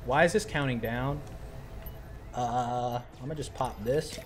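A man streaming a video game, chatting in a slangy, animated way to himself and his viewers. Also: medium pitch, slow, a little hiss or hum. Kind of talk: casual gameplay commentary.

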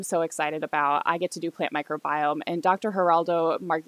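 A young woman hosting a casual science interview over a video call, bubbly and excitable as she introduces her guest. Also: low voice, a little fast, hardly any pauses, no echo. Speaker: host.

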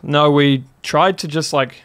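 A man in his twenties with a New Zealand accent, a podcast guest telling a story in a casual, animated way and filling his talk with "like". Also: fairly high pitch, a little slow, clean tone. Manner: animated, heavy use of "like" as a filler.

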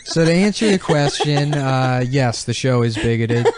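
A man's voice: medium pitch, expressive, a little slow. A man co-hosting a comedy podcast in casual, sardonic banter, riffing and joking. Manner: sardonic, riffing, jumps into silly voices. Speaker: podcast co-host.

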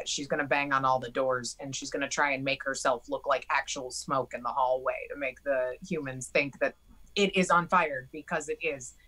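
A woman playing in a tabletop game, describing her character's actions in a halting, hesitant way. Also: low-pitched, pushed and bright, poor audio. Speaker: player.

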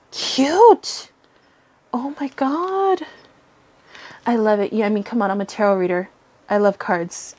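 A young woman with a gushing, giddy manner, unboxing and showing items as a tarot reader. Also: medium pitch. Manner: giddy, gushing, swears and giggles often. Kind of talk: excited casual unboxing vlog.

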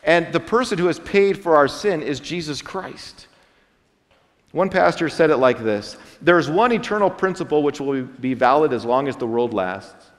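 A pastor preaching a sermon, earnest and dramatic, swinging between loud and soft. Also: male voice, on the high side, expressive, moderate pace. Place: church sanctuary. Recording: long reverb of a church hall.

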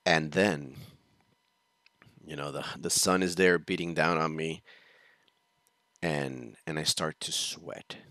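A man with a low, deep voice that still has a bright, forceful edge tells a rambling personal story on a reaction stream. He chuckles often and keeps restarting his sentences. The recording is dry, with no room sound. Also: no echo. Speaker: reaction show host. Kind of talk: casual storytelling.

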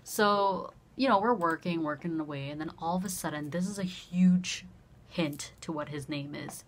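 At a normal speed and with a low pitch, a young woman vlogger recounts a story casually. She's animated, swears freely, and plays both sides of the conversation.

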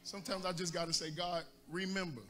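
A man's voice: high-pitched, little pitch movement, quick pace, sharp tone. A man pastor preaching a sermon, asking the congregation for responses and rising into a sung cadence.

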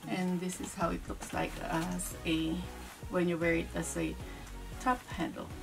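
A woman's voice: lowish voice, little pitch movement, a little slow, creaky, far from the mic, music in the background. A woman from the Philippines with a Filipino accent, chatting casually through a handbag unboxing, musing aloud as she goes. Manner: chatty, restarts and muses aloud.

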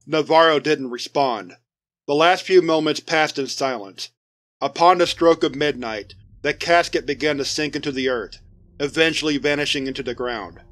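A man narrating a scripted horror story in a steady, even storytelling voice. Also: fairly high pitch, normal speed. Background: faint music.

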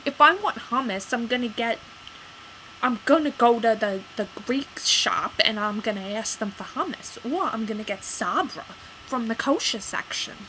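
A woman's voice: on the high side, big pitch swings, moderate pace, sharp tone, a little hiss or hum, rough recording. A woman playing a touchy, rambling mother who is proud of her Italian heritage, with lots of fillers and defensive outbursts in a comic character monologue. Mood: indignant. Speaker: character vlogger.

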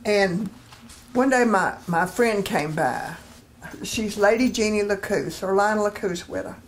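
A woman evangelist recounting healing stories as a guest in a TV studio. She is a lively storyteller who slips into voices for the people she quotes. Her pitch sits in a middle range. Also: measured pace, a little hiss or hum. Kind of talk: testimony storytelling in a TV interview.

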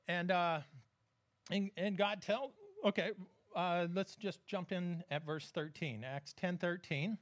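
A pastor delivers a relaxed, conversational sermon, his voice sitting high for a man. He keeps checking in with the congregation and slips in light jokes as he preaches. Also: unhurried. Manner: conversational, humorous preaching with frequent audience check-ins.

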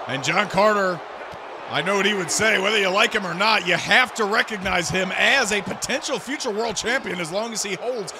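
A man calling wrestling action play by play, loudly and excitedly. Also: high-pitched, a little fast, background noise. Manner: loud, shouting calls of the action. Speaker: play-by-play commentator. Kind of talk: excited wrestling game commentary.

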